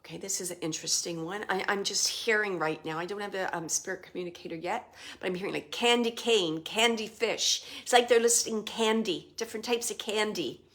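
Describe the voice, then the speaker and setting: A woman working as a medium, giving a live spirit reading in a soft, halting voice that often drops to a whisper as she searches for words. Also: medium pitch. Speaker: psychic medium.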